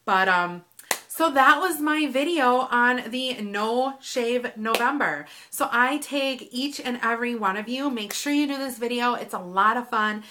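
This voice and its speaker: A woman's voice: fairly high pitch, measured pace, bright, forceful tone, slight background noise. A woman vlogger in her thirties talking casually and candidly to camera, with plenty of fillers. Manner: chatty and candid, with lots of fillers. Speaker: beauty vlogger. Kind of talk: casual vlog talk.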